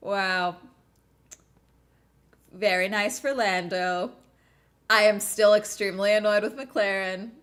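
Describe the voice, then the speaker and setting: Brief: young woman, casual live reaction commentary, excitable and chatty, mid-pitched voice, laughs easily. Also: takes it slowly, pauses often. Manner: excitable, laughs often, talks to herself. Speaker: streamer watching a race along.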